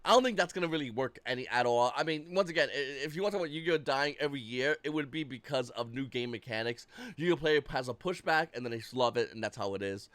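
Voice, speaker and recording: A man's voice: medium pitch, quick pace, few pauses, fairly bright tone, dry recording. A man giving casual ranting commentary as a YouTube card-game host, blunt and profane.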